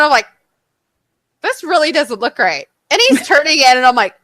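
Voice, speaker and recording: A woman's voice: sits high, normal speed, dry recording. A young woman co-hosting a podcast, telling a story in casual chat, acting out what people said and swearing freely. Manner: animated, acts out quotes, swears. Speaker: podcast co-host.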